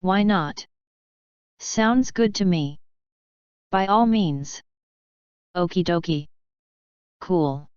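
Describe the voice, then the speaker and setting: Slow, very clear woman reading phrases. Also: lowish voice, darkish tone, no echo, highs cut off. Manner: slow, careful, evenly spaced delivery of short phrases. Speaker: English teacher. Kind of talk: reading example phrases aloud.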